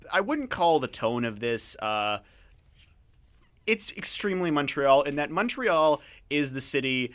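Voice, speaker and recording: Male radio host, bright tense voice, rambling self-mocking reviewer. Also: medium pitch. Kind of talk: casual chat and book reviews.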